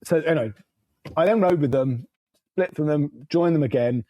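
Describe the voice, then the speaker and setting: A man's voice: fairly high pitch, moderate pace, warm tone, rough recording. A man, a podcast guest telling road stories in a loose, rambling way, laughing and swearing as he goes. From England. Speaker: podcast guest, motorcycle traveler. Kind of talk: casual storytelling.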